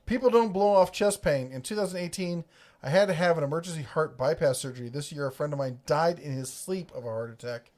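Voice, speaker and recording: A man's voice: on the high side, brisk, darkish tone. Middle-aged guy from ohio-kentucky way, casual livestream chat, restarts his sentences a lot, jokey. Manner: rambling, self-interrupting, jokey. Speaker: host of a tool livestream. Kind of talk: casual livestream chat reading viewer comments.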